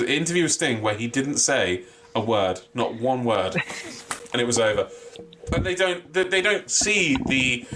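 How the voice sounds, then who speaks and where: A man co-hosting a podcast in casual chat, ranting with animated, sweary exasperation. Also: mid-range voice, noisy background. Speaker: podcast co-host.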